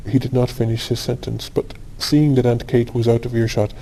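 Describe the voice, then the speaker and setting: Mellow man reading a classic story calmly. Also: medium pitch, brisk, vocal fry, hardly any pauses, rough recording. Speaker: audiobook narrator. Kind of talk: scripted narration of a classic story for sleep.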